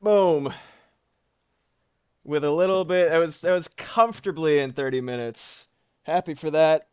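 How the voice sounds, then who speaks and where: A man in his thirties animates while live streaming, his voice a little high, smooth and unhurried. Relaxed and chatty, he talks loosely with viewers, reads the chat aloud, and swears casually now and then.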